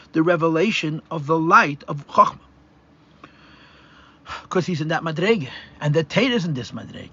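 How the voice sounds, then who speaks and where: Husky rabbi teaching a live class. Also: male voice, a little high, fairly bright tone. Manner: explanatory, mixes Hebrew and Yiddish terms, restarts and thinks aloud. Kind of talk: live Torah class lecture. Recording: dull lo-fi live class recording.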